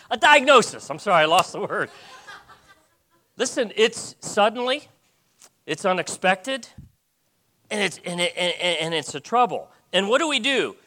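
A middle-aged man preaching a sermon in an animated way, often restarting his sentences. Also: sits high, a little slow, long pauses.

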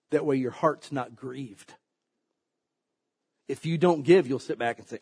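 A man preaching a sermon in an animated, emphatic way, swinging from loud high peaks to low asides. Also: moderate pace, pauses often, husky.

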